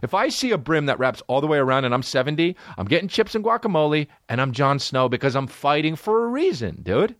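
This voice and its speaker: Animated, profane male comedy podcaster. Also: on the high side, fast, few pauses, dry recording, studio quality. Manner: profane, riffing, exaggerated storytelling. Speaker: podcast host. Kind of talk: solo comedy podcast rant.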